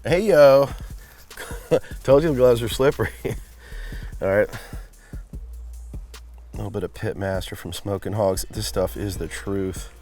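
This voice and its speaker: A man's voice: lowish voice, unhurried, pauses often, music in the background. A man from New England hosting a barbecue cooking vlog outdoors, upbeat and jokey as he serves food to friends. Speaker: host of a barbecue cooking channel. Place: outdoors in a backyard at a smoker.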